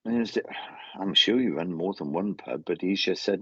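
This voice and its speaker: Psychic guy doing a reading, deep gravelly voice, keeps restarting, dry dull sound. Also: no room sound. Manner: halting, repetitive, with many restarts and self-corrections. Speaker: medium. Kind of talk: live mediumship reading.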